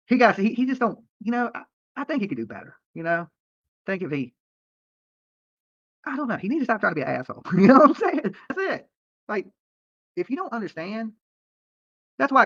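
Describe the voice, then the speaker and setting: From a roadside near a protest, a livestreaming man delivers a profane, rambling, defensive rant to viewers, frequently saying "okay?". His high-pitched voice is pushed and bright with a slightly rough texture. There's no room sound, and the highs are cut off.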